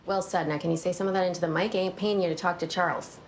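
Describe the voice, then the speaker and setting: An actress as a brisk broadcast booth worker in a TV comedy, talking fast and low for a woman. Clear ambient noise sits behind her. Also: steady tone, lightly acted. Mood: prodding. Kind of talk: TV comedy acting. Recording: TV clip with background noise.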